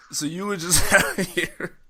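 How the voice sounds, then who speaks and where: A man co-hosting a podcast, reacting with loud laughter and profane disbelief in casual chat. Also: high voice. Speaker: podcast co-host.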